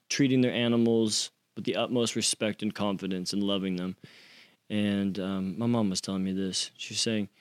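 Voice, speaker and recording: A man's voice: lowish voice, smooth. Laid-back man telling stories. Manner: storytelling, acts out quotes in other voices; swears casually. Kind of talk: casual conversation.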